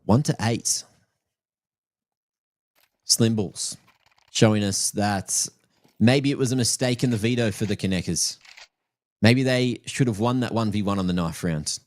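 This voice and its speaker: A man's voice: lowish voice, unhurried, pauses often, darkish tone. A man casting a live esports match with play-by-play and playful, teasing asides. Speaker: esports caster.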